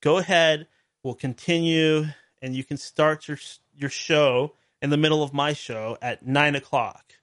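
A man's voice: fairly high pitch, steady tone, measured pace, a bit bright. Exasperated man hosting a talk show. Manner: exasperated, rambling with frequent restarts and wry laughs. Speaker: podcast host. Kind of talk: casual storytelling monologue.

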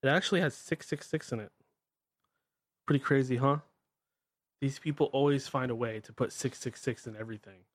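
Blunt profane host with Northwest accent. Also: male voice, medium pitch, brisk, long pauses, no room sound. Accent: Pacific Northwest American. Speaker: podcast host. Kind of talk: ranting monologue.

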